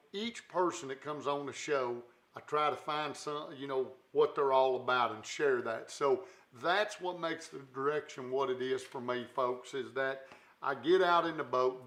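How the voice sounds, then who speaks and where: Man, host, live-stream chat, folksy, rambling, slightly high voice. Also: a bit bright. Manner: folksy and rambling, many fillers and restarts. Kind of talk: live-stream chat reading viewer comments.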